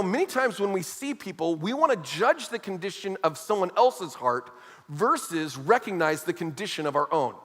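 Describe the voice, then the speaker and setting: A man preaching a sermon as pastor, talking to the congregation in a casual, conversational way with quick asides. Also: sits high, fairly bright tone. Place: church auditorium. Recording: long hall reverb.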